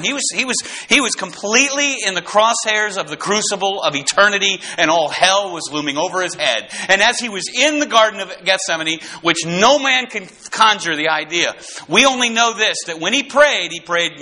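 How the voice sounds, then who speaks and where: A man preaching a sermon, fervent and folksy, repeating words and rising to shouts on key points. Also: high-pitched.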